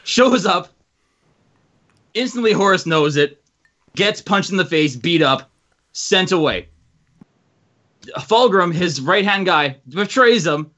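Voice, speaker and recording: A man's voice: sits high, animated, slow pace, long pauses, bright, forceful tone. Rambling man on lo-fi audio. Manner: rambling, long-winded storytelling. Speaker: podcast co-host. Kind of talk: casual chat. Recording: lo-fi podcast audio.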